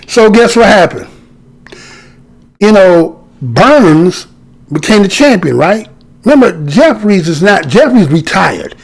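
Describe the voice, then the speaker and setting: A man talks through history in a relaxed, conversational way, with a lively voice that swings up and down. He keeps turning to his listeners with quick rhetorical check-ins. His tone is high and carries a gravelly edge. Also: poor audio. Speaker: commentator. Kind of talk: casual history commentary.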